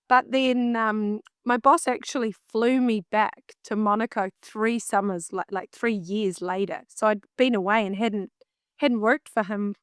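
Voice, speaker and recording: New Zealand woman, singer, animated self-mocking storyteller, bright-pitched. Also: clean tone, no echo, studio quality. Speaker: singer and vocal coach, guest. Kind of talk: casual storytelling in an interview.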